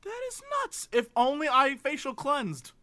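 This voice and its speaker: He's a man with an unusually high, bright voice that bounces all over the place as he co-hosts a loose comedy podcast. He jokes through the news segments and keeps collapsing into giggles. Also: very animated, measured pace. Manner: giggly, breaks into laughter often. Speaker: podcast co-host. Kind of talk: casual comedic banter.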